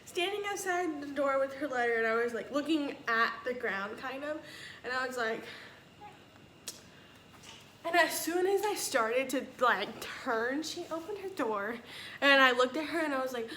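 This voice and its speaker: High bright chatty young woman vlogger. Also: lively intonation, normal speed, slight background noise. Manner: chatty, rambling, acts out quoted dialogue. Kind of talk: casual storytelling vlog.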